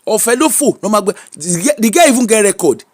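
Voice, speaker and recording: High-voiced Nigerian man giving emphatic advice. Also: expressive, racing. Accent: Nigerian, Yoruba-inflected. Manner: preachy and emphatic, mixing Pidgin and Yoruba, frequent laughs. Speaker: social media commentator. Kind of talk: animated casual commentary.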